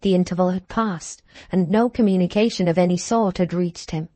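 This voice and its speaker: A woman narrating a classic novel as an audiobook, telling the story calmly and evenly. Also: lowish voice, brisk, dry recording.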